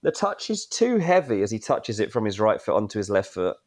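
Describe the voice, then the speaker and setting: Excitable low-voiced man breaking down a clip. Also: a little fast. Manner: excitable, voice jumps up while describing. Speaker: podcast co-host.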